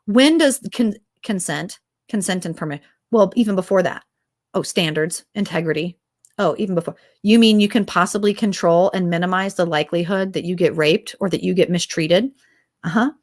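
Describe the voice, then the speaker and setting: A woman's voice: fairly low pitch, normal speed. A woman, a mother, hosting an opinionated talk show, firing off rhetorical questions and acting out quoted exchanges. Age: adult mother. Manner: impassioned, fires off rhetorical questions; acts out quoted dialogue in other voices. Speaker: host.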